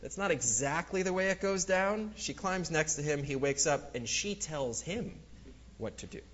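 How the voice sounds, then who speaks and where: A man giving a casual, lively Bible lecture, with many fillers, acting out the quoted lines. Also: on the high side, normal speed, dull audio, slight background noise. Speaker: Bible teacher. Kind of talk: lecture on scripture.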